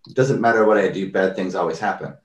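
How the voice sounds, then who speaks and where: This is casual talk about mindfulness from a man with a low voice who speaks fast. He's a lively storyteller, recounting everyday moments and acting out people's reactions, and the recording is reverberant and made from a distance.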